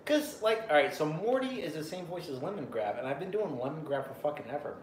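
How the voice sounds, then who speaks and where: Young male co-host, crude joker, high and bright, echoey room. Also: animated, quick pace. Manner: crude, joking, slips into put-on voices. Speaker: podcast co-host. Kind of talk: crude casual banter. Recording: echoey room, faint background hum.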